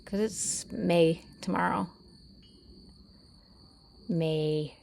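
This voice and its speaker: A woman's voice: lowish voice, steady tone, extremely slow, gravelly, darkish tone. A woman vlogging outdoors in casual chat, playful and meowing back at cats. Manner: playful, chats with cats and meows at them. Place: outdoors on her property.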